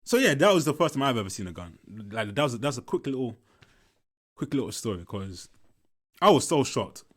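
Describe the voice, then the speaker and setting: This movie reaction commentator is a young man whose mid-range voice has a sing-song lilt and a fairly quick pace. While commenting on a film, he tells a school story in a relaxed way, cursing frequently and saying things more than once.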